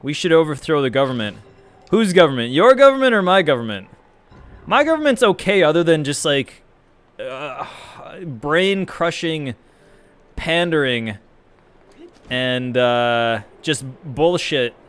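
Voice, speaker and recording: A male streamer chatting with his viewers as he plays, rambling from one thought to the next and swearing freely. His voice is clean and resonant. It sits a little higher than most men's. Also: big pitch swings, a little slow, smooth. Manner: rambling, profane, reads and answers chat. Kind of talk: casual live-stream chat while gaming.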